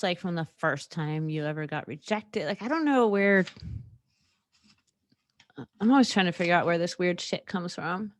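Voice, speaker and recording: Candid rambling woman podcaster, low voice. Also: dry recording, clean studio sound. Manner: candid and rambling, with frequent laughs and fillers. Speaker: podcast host. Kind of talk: casual solo podcast chat.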